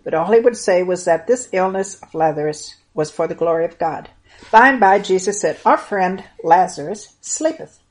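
A woman telling a Bible story to children, earnest and expressive, lingering on the moving parts. Her voice sits somewhat low for a woman. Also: brisk.

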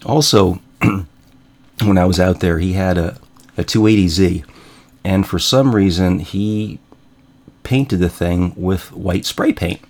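A man's voice: low-pitched, slow, pauses often, darkish tone. A man hosting his own show, telling wry family stories in a casual monologue and chuckling now and then. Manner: wry, chuckling, self-deprecating. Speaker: host.

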